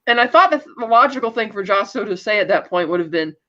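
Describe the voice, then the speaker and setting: A woman co-hosting a podcast recaps a story in casual chat, animatedly acting out the characters' lines and laughing along. Her medium-pitched voice moves at a quick pace, and the recording has a dull, lo-fi sound.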